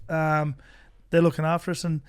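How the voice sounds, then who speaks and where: Australian male guest, fairly high voice, loose rambling storyteller. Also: completely flat delivery, normal speed, clear, resonant tone. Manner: rambling storyteller, many restarts and swearing. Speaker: podcast guest. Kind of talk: casual chat.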